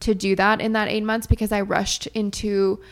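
A woman's voice: mid-range voice, flat delivery, moderate pace. A woman guest on a casual podcast, talking candidly and hesitantly, with lots of fillers.

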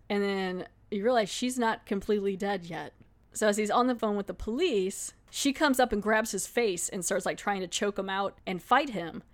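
A woman podcast host giving a casual, chatty recap of a TV episode, laughing now and then and slipping into quick acted asides. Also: mid-range voice.

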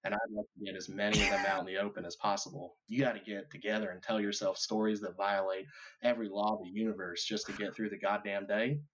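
A man's voice: on the low side, little pitch movement, quick pace, recorded from a distance, background noise, pitched below the performer's own voice, close to an everyday voice. A man doing a brooding drawling detective. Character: brooding drawling male detective, philosophical and bleak.

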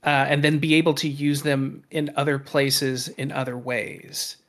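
A man's voice: mid-range voice, level tone, measured pace, fairly bright tone. A man in casual podcast chat, rambling with lots of fillers and casual swearing.

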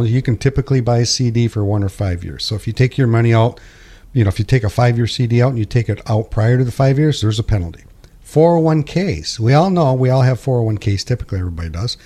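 A man with a mellow, warm voice talks through money matters like a seasoned financial advisor. His delivery is plain-spoken and steady, explaining step by step at a middling pitch. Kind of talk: conversational financial radio talk.

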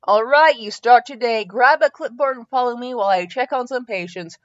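A woman doing a brisk, bossy village leader. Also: a little high, dry recording, muffled recording, close to an everyday voice. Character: grumpy commanding older woman healer and leader.

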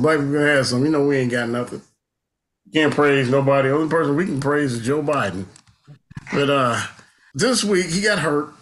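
A man's voice: medium pitch, a bit bright. A man co-hosting a podcast, talking sports in a laid-back, rambling way. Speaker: podcast co-host. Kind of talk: casual sports talk.

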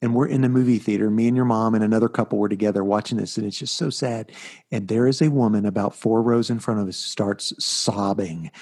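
Middle-aged dude rambling through stories on a podcast, animated, loose. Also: male voice, fairly low pitch, brisk. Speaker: podcast co-host. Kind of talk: casual chat.

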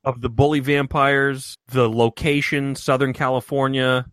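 A man's voice: medium pitch, little pitch movement, measured pace, a bit bright, dry recording. A man in his thirties, co-hosting a casual chat and enthusing while listing things off. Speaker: podcast co-host.

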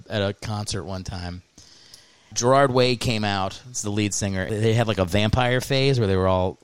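A man's voice: fairly low pitch, clean tone, no room sound. A man hosting his own comedy podcast, rambling through jokes with lots of swearing and laughing at his own bits. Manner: rambling, profane, jokey, breaks into mocking voices. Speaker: podcast host.

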